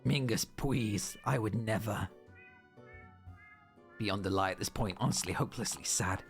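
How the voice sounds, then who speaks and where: A woman voicing a mischievous game protagonist in a low, calm, persuasive way. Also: a little slow, soft background music. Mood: sly.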